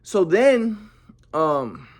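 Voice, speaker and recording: Young man, casual monologue, halting, frequent restarts and repeated words. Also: sits high, sing-song.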